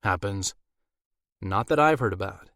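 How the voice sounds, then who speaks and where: A man's voice: low voice, lively intonation, measured pace, a bit bright, dry recording, clean studio sound, heavily acted. A man voicing a smug, charming incubus demon who teases his grown daughter. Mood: teasing. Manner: teasing, indulgent, sly.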